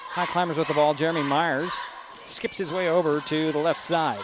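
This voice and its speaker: A man giving brisk, chatty play-by-play of a high school basketball game, rising at big plays. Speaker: play-by-play announcer. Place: school gym. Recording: gym noise behind broadcast mic.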